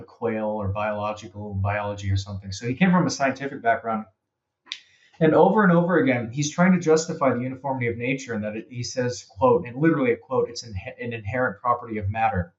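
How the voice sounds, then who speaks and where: A man, a guest author, explaining his arguments earnestly and returning to the same key points. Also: mid-range voice. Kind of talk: casual conversation. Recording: slightly muffled sound.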